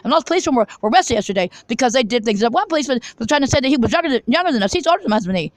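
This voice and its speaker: A woman's voice: sits high, animated, racing, dry recording, poor audio. A woman giving a rambling, fervent monologue to her viewers from a coffee shop, with many restarts and stammered repeats. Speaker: vlogger.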